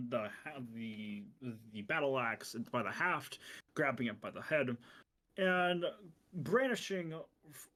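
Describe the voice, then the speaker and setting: Lively male game master narrating. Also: medium pitch. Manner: lively, slips into gruff bandit voices.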